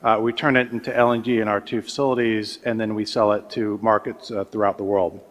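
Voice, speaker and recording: Man, conference panelist, hesitant measured delivery, reverberant hall. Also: fairly low pitch, flat delivery. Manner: measured, many hesitations and restarts. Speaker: panelist, energy company executive.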